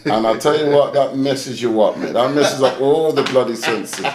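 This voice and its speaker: A young man from London with a London accent, a guest telling animated stories in a casual interview. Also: mid-range voice, moderate pace, reverberant, a little hiss or hum. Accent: London English. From London, England. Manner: animated storyteller, acts out quoted voices.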